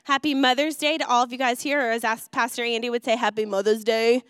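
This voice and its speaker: A woman pastor preaching in a church, telling her story with lively energy and acted-out quotes. Her voice is high and bright, smooth and clear. The sound is dry and close. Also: fast, no room sound. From Wisconsin. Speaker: youth and missions pastor. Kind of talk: sermon. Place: church auditorium.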